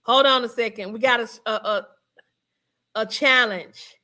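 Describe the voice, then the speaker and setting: A woman's voice: a little high, a little slow, sharp tone. A woman from Georgia with a Southern accent, hosting a casual livestream, chatty and laughing often as she answers viewer comments. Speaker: livestream host.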